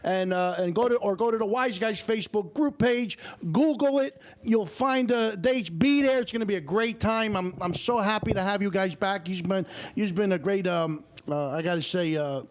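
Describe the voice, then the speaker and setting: High-voiced enthusiastic host, a man. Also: normal speed, hardly any pauses. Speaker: podcast host. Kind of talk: casual promo announcement.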